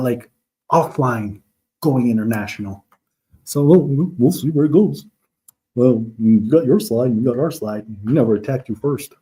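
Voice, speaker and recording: A man with a mellow, husky, medium-pitched voice runs a live online religious talk. Mocking and argumentative, he speaks straight to viewers in the chat and breaks off to recite Arabic verses.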